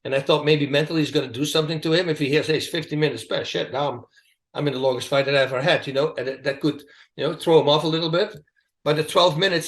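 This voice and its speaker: Guy telling fight stories, animated and emphatic, echoey room. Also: medium pitch. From Netherlands. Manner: animated, emphatic storytelling with asides. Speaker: interview guest, retired fighter. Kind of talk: casual storytelling interview.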